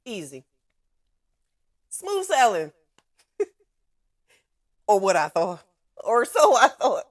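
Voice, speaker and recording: A woman in her thirties, a podcast host telling a story in casual, profane, animated talk. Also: on the low side, takes it slowly, pauses often, dry recording, studio quality.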